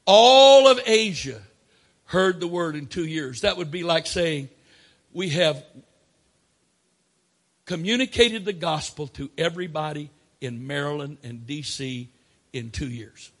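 A man preaching a sermon, swinging between loud emphatic declarations and quiet asides. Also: on the high side, measured pace, pauses often.

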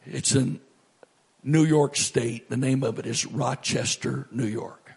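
A middle-aged male pastor preaching a sermon, animated, swinging from loud to hushed. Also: mid-range voice, slow pace, gravelly, husky.

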